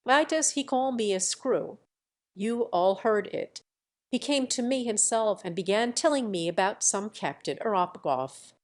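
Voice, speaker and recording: A woman's voice: mid-range voice, animated, measured pace, natural voice. Woman voicing a jeering young man. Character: sickly young man, mocking and defiant.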